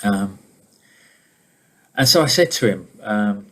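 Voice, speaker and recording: Brief: middle-aged male coach, fairly low voice, easygoing storyteller presenting a webinar from home. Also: slow, long pauses. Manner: relaxed, conversational storytelling. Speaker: leadership trainer and coach. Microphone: video call.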